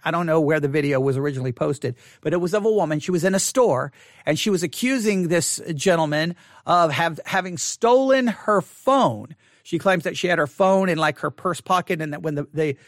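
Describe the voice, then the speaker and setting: A man's voice: fairly high pitch, no echo, clean studio sound. A man giving casual spoken commentary as a Christian commentator, rambling with frequent restarts and self-corrections.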